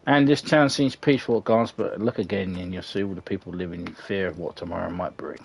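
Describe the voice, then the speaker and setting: A gruff middle-aged tavern keeper with a put-on Scottish accent, rough-spoken and fond of a curse, as a man plays him. The voice sits low, and the game lines are read aloud in character, stumbling now and then. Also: fast.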